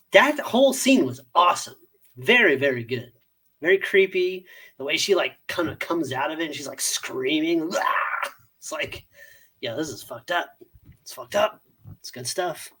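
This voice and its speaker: A man co-hosting a podcast movie review, his voice sitting a bit high for a man. He talks casually and animatedly, swearing freely and breaking into laughter as he acts out scenes in quotes. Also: lively intonation, moderate pace, pushed and bright, breathy edge. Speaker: podcast co-host.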